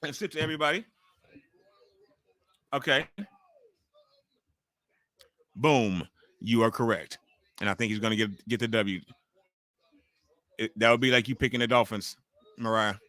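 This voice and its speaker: A man's voice: mid-range voice, a little slow, pauses often, bright, forceful tone, dry recording. A middle-aged man hosting a live watch-along stream. He chats casually and profanely, talking straight to his viewers. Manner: loose, profane, talks straight to the chat.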